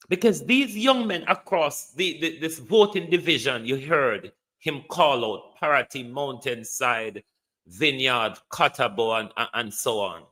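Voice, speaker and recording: A man's voice: on the high side, animated, slow pace, pushed and bright. A man with a Jamaican accent giving a mocking, scolding political rant on a livestream, sliding between standard English and patois. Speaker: political commentator.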